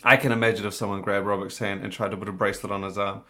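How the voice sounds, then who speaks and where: A man's voice: fairly low pitch, level tone, rapid-fire, bright, forceful tone. A man in casual chat, telling a travel anecdote in a rambling, laid-back way with many fillers.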